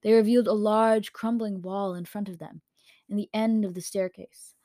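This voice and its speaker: A woman reads a story aloud at an even middle pitch, casual and now and then stumbling on a word. The home microphone gives a close, dry sound with no room echo. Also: moderate pace. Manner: casual, with slips and corrections. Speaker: story reader. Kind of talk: reading her own story aloud.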